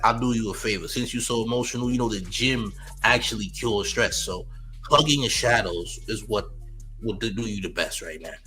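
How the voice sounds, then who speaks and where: Bright-voiced man roasting his chat. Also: mid-range voice. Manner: teasing, trash-talking chat. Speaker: livestream host. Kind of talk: casual livestream commentary.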